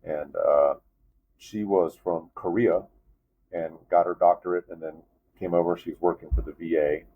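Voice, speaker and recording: A deep, husky-voiced man in his fifties tells his story in a casual interview, with his voice climbing sharply whenever he is exasperated. He comes through a narrow, phone-like line that thins out his sound. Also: normal speed. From United States. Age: 50s. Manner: animated storyteller, voice jumps up in disbelief. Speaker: guest, Army veteran.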